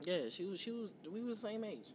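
Casual podcast host, man from New York, 30s, high voice, reverberant room with a faint rumble. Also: fast talker. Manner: profane, animated storyteller, quoting himself. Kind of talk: casual storytelling chat.

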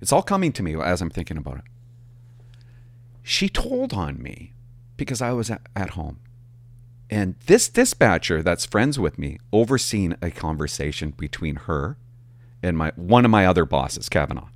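A man, a former police officer telling stories in a casual, animated and profane way. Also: deep voice, normal speed, dry recording. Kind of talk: casual storytelling to camera.

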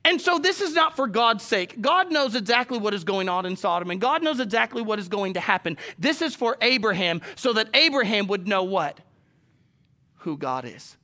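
A male pastor preaching with a bright, forceful edge to his voice. He peppers the congregation with rhetorical questions, pressing hard on some lines and dropping to a hush on others. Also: sits high, big pitch swings, moderate pace. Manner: swings between raised emphatic lines and soft hushed ones. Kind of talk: sermon.

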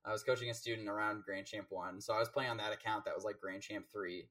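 A man's voice: on the low side, steady tone, quick pace, fairly bright tone, recorded from a distance. A man, a game coach, chatting casually as a guest and rambling through stories with many fillers and restarts. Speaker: Rocket League coach and guest. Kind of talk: casual interview chat.

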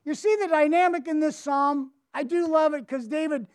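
A woman's voice: high voice, moderate pace, darkish tone. A woman giving a devotional Bible teaching. She is emphatic, repeats her words, asks rhetorical questions and reads scripture aloud with feeling.

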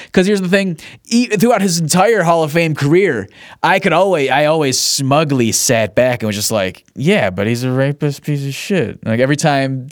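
A man's voice: mid-range voice, no room sound, clean studio sound. A man hosting a podcast alone, rambling casually, swearing and restarting his sentences, often chuckling between thoughts. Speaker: podcast host. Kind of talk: casual solo monologue.

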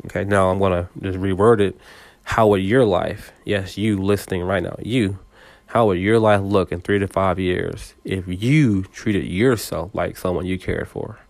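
A man's voice: sits low, steady tone, normal speed, gravelly, no echo. A man giving a reflective motivational monologue, speaking straight to the listener with frequent repetitions and stammered restarts.

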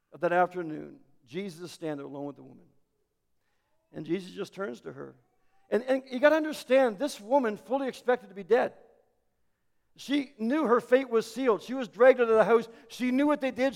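A man preaching a sermon as a pastor, telling the story dramatically and swinging between loud passages and hushed ones. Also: high-pitched, brisk, vocal fry. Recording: hall reverb.

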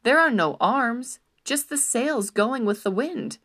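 A woman voicing a simple, worried peasant squire in a storybook reading, pleading and urgent, rising to shouts. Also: a little high, expressive, takes it slowly, pitched above the performer's own voice, exaggerated voice. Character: simple anxious peasant squire, earthy and practical.

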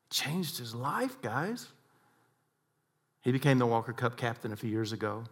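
A man giving an inspirational talk, telling stories in an animated way that swings between hushed and loud. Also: mid-range voice, measured pace, pauses often, husky. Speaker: speaker.

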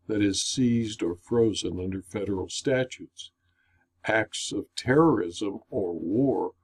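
A man lectures in a slow, unhurried cadence. His voice is mellow and warm, and he reads formal explanatory material in a measured, deliberate style. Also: lowish voice. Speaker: insurance claims consultant.

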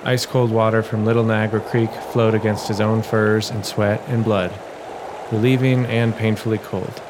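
A man's voice: fairly low pitch, background noise. Man narrating an audio adventure story. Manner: measured, dramatic reading. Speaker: storyteller and writer. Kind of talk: scripted audio drama narration.

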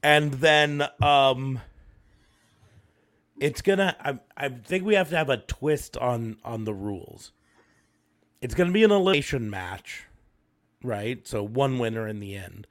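A man co-hosting a casual chat, rambling with many pauses and fillers. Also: medium pitch, lively intonation, fairly bright tone. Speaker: podcast co-host.

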